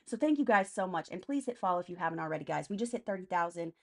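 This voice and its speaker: A woman's voice: lowish voice, animated, very fast. A woman hosting a casual political live stream, answering chat comments by name in a blunt, profane way.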